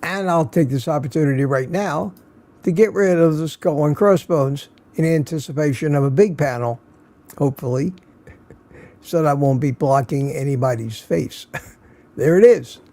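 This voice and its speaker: An older man, tired and slurring a little, hosts a casual live stream and greets his viewers one by one. His voice is gravelly and mellow, pitched a touch high for a man, and he chuckles often between names. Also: moderate pace. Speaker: livestream host.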